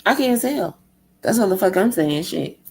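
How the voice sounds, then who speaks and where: Animated and a little mellow, this woman delivers a heated, profane, blunt rant on a live stream. Her voice sits at a middle pitch for a woman with some creak, and her pace is moderate.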